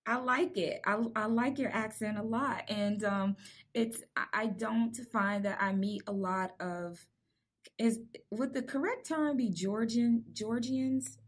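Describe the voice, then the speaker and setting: A woman's voice: mid-range voice, a little slow. A woman from the Midwest with a Midwestern accent, hosting a casual interview with lots of laughter. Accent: Midwestern American. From American Midwest. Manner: warm, giggly, enthusiastic. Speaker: podcast host.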